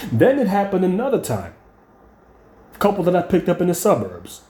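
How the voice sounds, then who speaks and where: A man delivers a profane, blunt storytelling rant, stumbling into repeated words when he gets heated. His voice sits a touch high yet sounds mellow and relaxed. The room around him rings with echo. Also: moderate pace, pauses often. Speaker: channel host.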